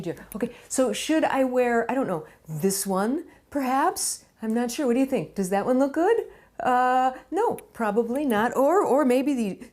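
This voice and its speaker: A woman hosts a comedy chat show with a playful, self-mocking monologue, tossing off jokes and asides. Her voice sits a little high for a woman. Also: a little mellow. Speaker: talk show host.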